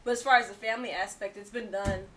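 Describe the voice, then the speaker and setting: Excitable young woman, a bit off-mic. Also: mid-range voice, fast talker, recorded from a distance, slight background noise, low-quality recording. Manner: excitable, gushing, heavy "you know" and "like". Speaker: co-host of a TV review show. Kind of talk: casual chat review.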